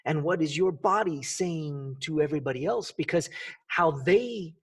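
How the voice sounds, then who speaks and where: Brief: husky-voiced male podcast coach, emphatic and upbeat, mic set back a little. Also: fairly high pitch, moderate pace, far from the mic. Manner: energetic, emphatic, rhetorical questions. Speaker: podcast host and dance coach. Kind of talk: motivational podcast talk.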